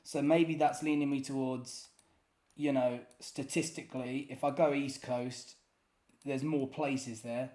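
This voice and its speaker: A gaming YouTuber with a warm, steady, medium-pitched voice talks at a measured pace while playing a geography guessing game. His commentary is casual and self-deprecating, often slipping into exasperated muttering.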